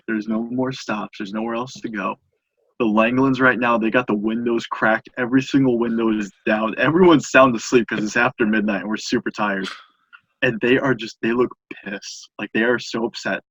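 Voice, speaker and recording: Young man, casual storyteller, husky, dry close sound. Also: medium pitch, moderate pace, no echo, highs cut off. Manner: animated, laughing storyteller acting out quoted voices. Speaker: podcast guest telling a story.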